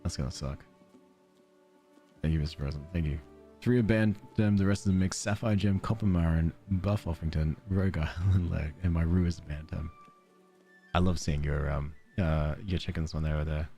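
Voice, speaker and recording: A man's voice: low-pitched, fairly even intonation, normal speed, mellow, faint music behind. An Australian man streaming a game, chatting casually with his viewers in a rambling, self-deprecating way and chuckling often. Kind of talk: casual let's-play chat, reading chat aloud.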